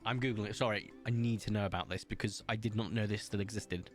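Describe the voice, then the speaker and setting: A man's voice: lowish voice, steady tone, fast, faint music behind. A British man streaming a game, chatting casually with viewers, reading chat aloud and laughing often. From Britain. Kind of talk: casual live-stream chat while gaming.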